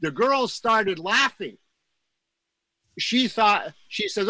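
A man's voice: high-pitched, expressive, slow, pushed and bright, dry recording, low-quality recording. An older man telling a long backstage anecdote in casual talk, rambling with fillers and restarts. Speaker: guest storyteller.

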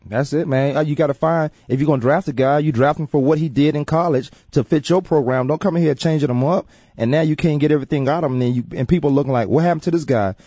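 Male talk radio host: husky, warm, animated, repeats his points. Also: on the high side, quick pace, no echo. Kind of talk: casual sports talk.

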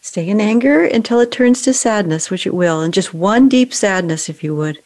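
A woman coaching someone through an emotional exercise, giving calm, directive prompts. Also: medium pitch, moderate pace. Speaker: emotional brain training coach. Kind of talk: guided coaching session.

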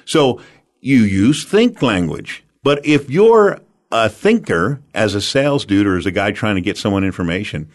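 A man from the United States, an animated and emphatic storyteller, giving sales advice as an interview guest. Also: fairly low pitch, moderate pace.

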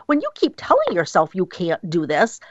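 Passionate female expert guest, animated delivery, dry, muffled lo-fi audio. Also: fairly low pitch, normal speed, no room sound. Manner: passionate, acts out quoted voices. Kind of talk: radio interview.

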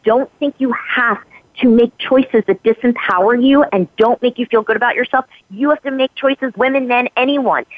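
A woman's voice: a little high, dry recording. A woman guest on a podcast interview, speaking in an emphatic, motivational way with repeated phrases. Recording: phone-line audio, dry.

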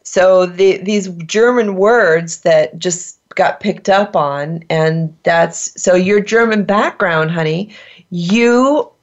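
A woman's voice: on the low side, slow, muffled recording. A woman hosting a podcast in casual chat, playful and emphatic, laughing often. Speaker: host.

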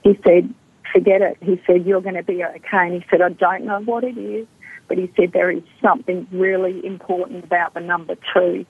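A woman's voice: lowish voice, fairly quick, breathy edge, no room sound. A middle-aged woman from Australia, a guest telling a personal story and acting out the lines of the people in it. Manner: animated storytelling, acts out quoted dialogue. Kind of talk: storytelling in an interview. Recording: tinny phone line.

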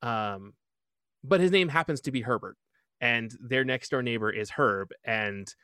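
A man's voice: mid-range voice, a bit bright, no echo, clean studio sound. A man hosting his own podcast in a casual chat, rambling with lots of filler ums like a comic-book fan. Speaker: podcast host.

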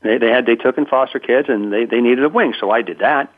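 A man's voice: medium pitch, fairly quick. A man in his fifties, a guest telling stories in an interview, acting out quotes with frequent stammered restarts. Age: 50s. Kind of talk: conversational interview. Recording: tinny phone line.

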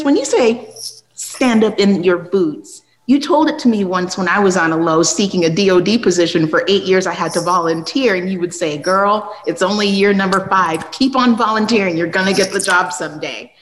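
A woman's voice: mid-range voice, a little hiss or hum. A woman hosting an interview, asking long, earnest questions. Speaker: host. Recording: echoey, reverberant room.

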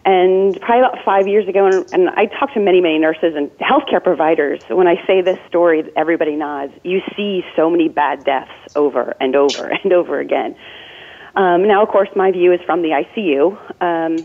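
A woman's voice: fairly low pitch, a little fast. A woman, a nurse answering interview questions in an earnest, thoughtful way. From Virginia, USA. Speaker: ICU nurse and death doula, guest. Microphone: phone line. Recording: tinny phone line.

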